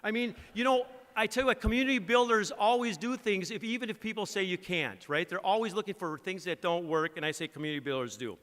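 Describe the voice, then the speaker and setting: Middle-aged guy giving a folksy award speech, bright forceful voice, big hall echo. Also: sits high, fast talker, few pauses. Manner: earnest, folksy, uses an acronym and jokes. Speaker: credit union executive giving an award speech. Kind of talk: motivational acceptance speech. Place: large event hall. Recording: reverberant banquet hall.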